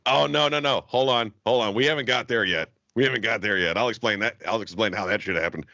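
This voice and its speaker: A man's voice: on the low side, quick pace, creaky, bright, forceful tone, no room sound. A young man co-hosting a podcast, telling a long story in casual chat, swearing constantly and laughing often. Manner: profane, laughing, rambling storyteller. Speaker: podcast co-host. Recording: dull lo-fi sound.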